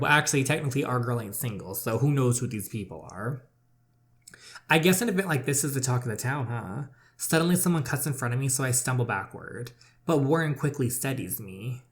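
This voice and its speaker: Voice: mid-range voice, brisk. A let's-play gamer reading a romance story game aloud with sassy, chatty commentary.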